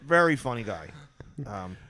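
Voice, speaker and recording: A man's voice: mid-range voice, big pitch swings, normal speed, sharp tone, a little hiss or hum. A man telling rambling comic anecdotes on a podcast, often breaking into laughter. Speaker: podcast guest. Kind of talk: casual storytelling chat.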